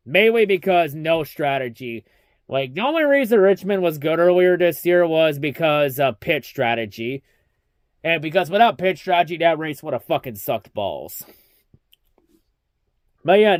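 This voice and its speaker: A young man with a high, smooth voice rants through a casual race recap, swearing often and mocking what he saw. The sound is dry and close, with no room around it. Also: no room sound. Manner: ranting, heavy swearing, mocking. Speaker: racing recap vlogger.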